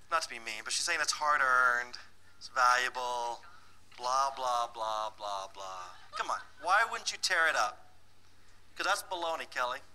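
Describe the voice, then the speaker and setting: A man's voice: a little high, sharp tone, slight background noise, low-quality recording. A man presenting a live financial workshop, teasing and bossing the audience in a playful way and laughing often. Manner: laughs often between remarks.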